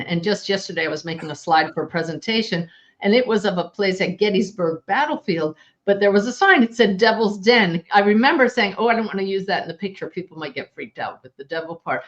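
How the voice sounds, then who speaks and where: A woman's voice: on the low side, highs cut off. A woman hosting a podcast, asking her guest questions in an engaged, conversational way. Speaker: podcast host. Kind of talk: interview questions.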